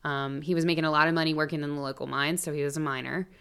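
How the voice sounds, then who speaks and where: Her voice sits low and stays steady in tone, fairly bright and smooth, and she talks very fast. As a podcast co-host, she tells a true-crime story conversationally, swearing a lot and breaking off for jokey asides.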